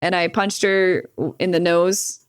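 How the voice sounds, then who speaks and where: Young woman, interview guest, candid, profane, lowish voice, dry close mic. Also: measured pace, clean tone, dry recording. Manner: candid, profane, animated retelling with frequent "like". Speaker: podcast guest. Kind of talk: casual storytelling.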